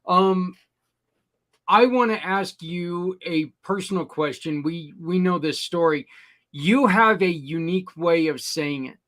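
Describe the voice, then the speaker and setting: A man's voice: high voice, measured pace, fairly bright tone. A man hosting a podcast, emphatic and insistent as he asks his guest questions. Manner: emphatic, insistent, repeats "literally". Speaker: podcast host. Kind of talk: conversational interviewing.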